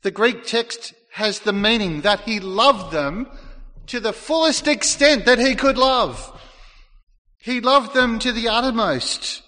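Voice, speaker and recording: A man's voice: extremely high pitch, expressive, slow pace, sharp tone. A man preaching a sermon in a church, earnest, sometimes acting out the words of people in his text. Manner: earnest preaching, acts out quoted lines. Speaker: pastor. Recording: long hall reverb.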